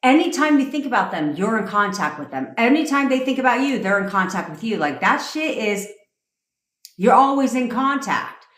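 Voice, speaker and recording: A woman's voice: fairly high pitch, sing-song, normal speed, a bit bright. A woman manifestation coach in a livestream rant, blunt and profane, talking in a commanding way. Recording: echoey room.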